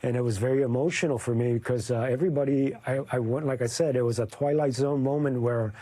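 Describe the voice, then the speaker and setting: A photojournalist recounts what he witnessed, his story broken by pauses and fillers. His voice is mellow and somewhat dark. The sound is dry and close. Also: medium pitch, fairly even intonation, no room sound. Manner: emotional, halting storytelling with fillers. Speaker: news photojournalist guest. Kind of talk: interview recollection.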